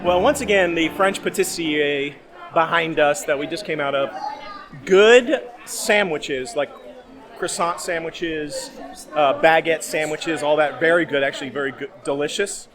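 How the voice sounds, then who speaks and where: Chatty man reviewing snacks, raised pitch. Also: unhurried, over music. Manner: chatty, laughs often while talking. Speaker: vlog host. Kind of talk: casual food review chat. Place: theme park.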